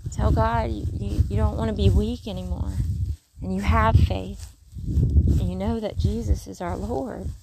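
A woman giving casual spiritual encouragement while walking outdoors in the countryside, earnest and rambling, with soft whispered asides. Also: medium pitch, fairly even intonation, a little slow, gravelly, very noisy. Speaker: faith vlogger.

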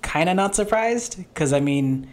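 A man's voice: on the high side, measured pace. Laid-back young man hosting a podcast. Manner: relaxed, filler-heavy explaining. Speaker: podcast host. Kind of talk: casual podcast chat.

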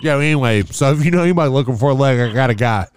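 A man's voice: mid-range voice, animated, very fast, clear, resonant tone, dry recording. A man in casual chat, laid-back and profane, laughing often.

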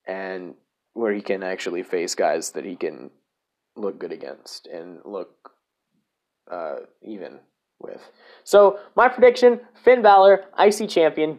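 A man talking alone on a casual podcast, rambling through his picks at a mid-range pitch. He swears freely and keeps interrupting himself to restart his sentences. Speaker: podcast host. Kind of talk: casual solo podcast rant.

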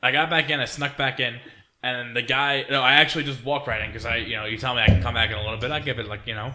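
A young man hosting a podcast who tells stories in an animated, profane way and acts out the people in them. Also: medium pitch, fast. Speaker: podcast host. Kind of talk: casual storytelling chat.

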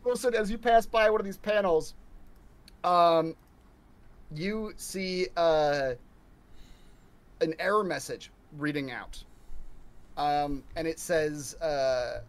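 A man narrating a tabletop horror game as game master, halting and full of restarts. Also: on the high side. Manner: halting, restarts mid-sentence, many ums.

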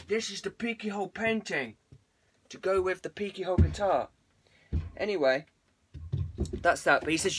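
A man's voice: sits high, lively intonation, moderate pace, a bit bright, a little hiss or hum. A man streaming to viewers as a musician, rambling casually with plenty of swearing and jokes. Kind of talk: casual livestream chat.

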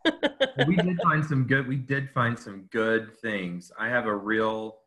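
Man, co-host, casual chat, sarcastic, joking, quick quips, bright voice. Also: medium pitch, lively intonation.

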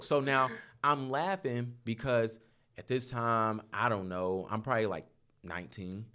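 A man in his thirties, a podcast guest, telling laughing, animated stories in casual chat. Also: mid-range voice, measured pace, clean tone. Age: 30s.

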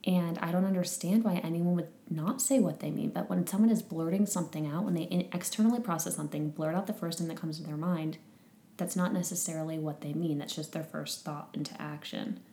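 A woman chatting casually and telling a story with lively energy, laughing often. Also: fairly low pitch, fairly quick, reverberant. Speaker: podcast guest sharing a conference experience. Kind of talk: casual chat.

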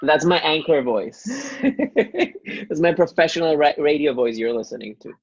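A podcast co-host who talks calmly with a wry, joking edge. The recording is completely dry and a bit muffled, with a middle-range voice. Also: mid-range voice, normal speed, dry recording. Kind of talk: casual chat. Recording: dry, lo-fi sound.

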